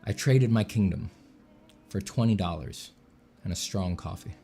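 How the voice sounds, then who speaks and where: A man's voice: low voice, unhurried, warm tone, soft background music. A man, an artist, chatting casually with viewers while drawing, rambling and joking at his own expense. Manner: joking, rambling, self-mocking. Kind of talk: casual livestream chat.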